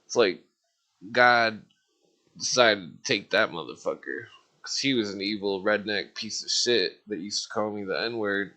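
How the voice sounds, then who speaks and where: Man, caller, low-pitched voice, casual rambling story, constant swearing, lots of filler words. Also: measured pace, pushed and bright. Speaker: caller on a live call-in stream.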